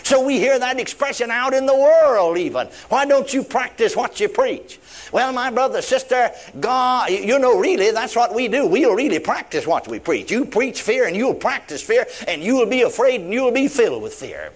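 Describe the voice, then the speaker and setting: Older man preaching with high voice. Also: big pitch swings. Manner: repetitive emphatic preaching with frequent praise interjections; drawn-out stressed words, folksy phrasing. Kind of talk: sermon.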